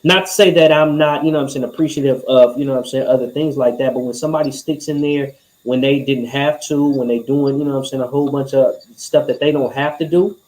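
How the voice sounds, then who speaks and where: A man's voice: medium pitch, fairly even intonation, quick pace, few pauses, a little mellow, low-quality recording. A man co-hosting a relationship podcast, talking in a loose, rambling way and often saying "you know what I'm saying.". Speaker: podcast co-host. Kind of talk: casual chat.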